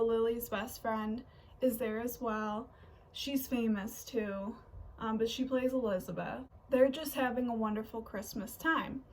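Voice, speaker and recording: A woman's voice: a little high, recorded from a distance, rough recording. Chatty young woman recapping a movie. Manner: chatty, filler-heavy, animated retelling. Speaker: movie reviewer.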